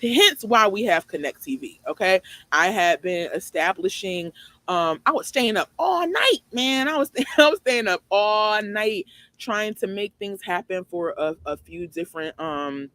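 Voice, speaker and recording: A woman's voice: expressive, unhurried, dry recording. A woman in her forties hosting her own online show, giving an emphatic, preachy motivational faith talk full of rhetorical questions. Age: 40s. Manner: jumps high and loud for emphasis.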